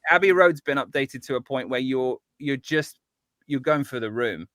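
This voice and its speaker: A man's voice: mid-range voice, lively intonation, moderate pace, a bit bright, no room sound, clean studio sound. A man, a guest composer talking in a casual interview, eager and rambling with many restarts.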